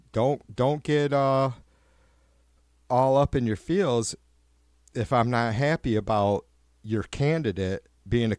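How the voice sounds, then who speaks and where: A man hosting a livestream, ranting with heavy swearing and sarcasm, rambling and getting louder when worked up. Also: mid-range voice, no echo, clean studio sound. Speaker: livestream host. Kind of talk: profane political rant.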